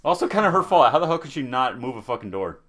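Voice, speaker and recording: Young male podcast co-host, bright tone, animated and profane, acts out scenes in silly voices. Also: medium pitch, fast. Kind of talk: casual podcast chat.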